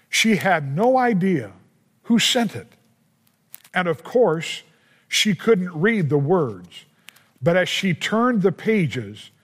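Slow, deliberate man preaching in a hall. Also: sits high. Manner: slow, deliberate retelling with pauses and small slips. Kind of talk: sermon storytelling. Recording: hall reverb.

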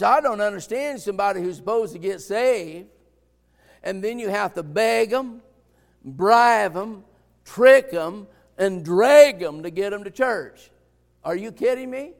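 A man preaching a sermon in a folksy, emphatic way, dropping to quiet asides and rising to shouted points. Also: high-pitched, vocal fry, long reverb tail.

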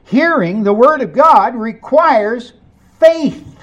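A man preaching a sermon as pastor, moving between hushed and emphatic lines and asking the congregation rhetorical questions. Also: very high-pitched, expressive, takes it slowly, muffled recording.

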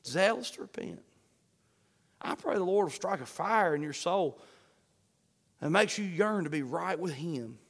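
A man preaching a sermon, fervent, swinging between shouts and hushed pleading. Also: high-pitched, animated, unhurried, creaky, pauses often. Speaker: pastor. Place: church sanctuary. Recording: long hall reverb.

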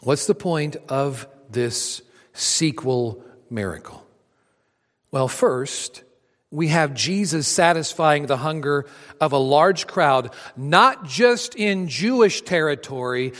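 Male pastor preaching slow, kinda high voice, big church echo, goes loud then drops to a whisper. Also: animated. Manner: dynamic preaching, swings from loud emphasis to hushed whispers. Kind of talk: sermon. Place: church auditorium. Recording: long hall reverb.

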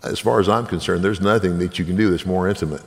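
A man's voice: sits low, fairly even intonation, fast, big-room sound. A man giving an earnest sermon testimony as a minister, appealing directly to his listeners.

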